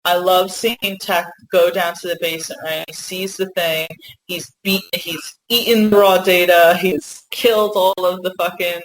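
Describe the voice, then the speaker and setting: A woman co-hosting a fan podcast, talking in an excited, rambling way and swearing freely in a casual discussion. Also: fairly low pitch, normal speed, a little hiss or hum, low-quality recording. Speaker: podcast co-host.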